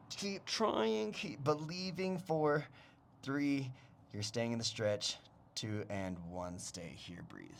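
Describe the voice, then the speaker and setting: With a mid-range voice, a man coaches a guided mobility class from his home, speaking into a new mic. He offers cues and countdowns, joking and laughing as he goes, while a lawn blower outside adds slight background noise.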